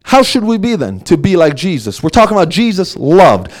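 A man preaching a sermon, emphatic, dropping to hushed asides and then rising to loud exclamations. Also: sits high, sing-song, a little fast.

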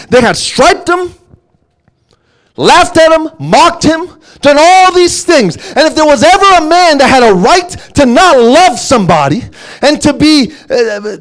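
A man preaching a sermon in a strikingly high voice that leaps up and down with lively melody. His delivery is emphatic, swinging between hushed, low asides and loud, ringing exclamations.

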